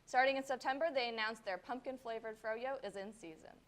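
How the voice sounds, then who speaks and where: A woman's voice: a little high, brisk. A young woman presenting a scripted segment, upbeat and chatty. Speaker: segment reporter.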